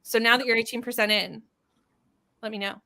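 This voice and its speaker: High, bright Canadian woman hosting. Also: steady tone, fairly quick, creaky. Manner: chatty, greets viewers by name and reads their comments aloud. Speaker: livestream host. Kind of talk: casual live-stream chat.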